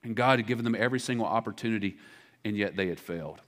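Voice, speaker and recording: A man's voice: on the low side, rapid-fire, a bit bright. A man, a pastor preaching a sermon in a church, talking in a candid, conversational way with many restarts and fillers. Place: church sanctuary.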